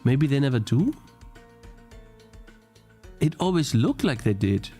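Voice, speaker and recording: A man's voice: mid-range voice, big pitch swings, slow, dark tone, husky, soft background music. Young man streaming, thinking aloud. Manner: thinks aloud, restarts sentences, easily frustrated. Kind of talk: live-stream gameplay commentary.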